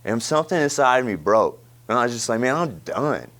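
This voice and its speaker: Man giving a personal testimony, lively telling, frequent laughs, restarts mid-sentence. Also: medium pitch, brisk. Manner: animated, laughs often, many restarts. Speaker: speaker sharing his recovery story. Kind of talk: personal storytelling talk.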